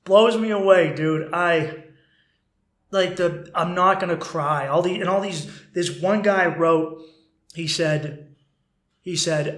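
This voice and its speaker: Casting note: male podcast host, thirties, blunt and animated, higher voice, echoey room. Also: takes it slowly, long pauses. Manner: blunt, animated, swears freely. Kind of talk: casual podcast monologue. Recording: roomy echo.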